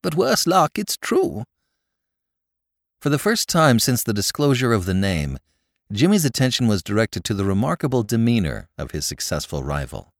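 A man narrating classic fiction in a wry, expressive storytelling manner. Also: fairly low pitch, fairly quick, dry recording, clean studio sound. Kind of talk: audiobook reading of classic fiction.

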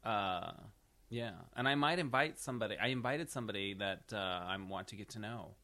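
Easygoing guy with a really bright voice, laughing a lot, short answers on a podcast. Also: on the low side, normal speed. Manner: laughs often, easygoing, brief replies. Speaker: podcast co-host. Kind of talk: casual comedic chat.

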